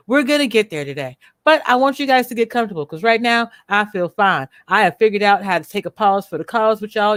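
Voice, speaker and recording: A woman hosting a livestream, speaking bluntly and with profanity as she rants at viewers, slowing down to stress her words. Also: mid-range voice, a bit bright, dry recording, studio quality. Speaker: livestream host. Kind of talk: unscripted livestream commentary.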